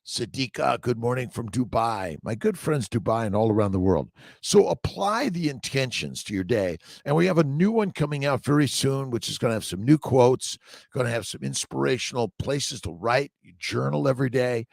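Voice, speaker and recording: A man hosting a casual morning livestream, greeting viewers by name and reading their names aloud haltingly as he rambles in an upbeat way. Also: medium pitch, lively intonation, gravelly, no room sound, studio quality.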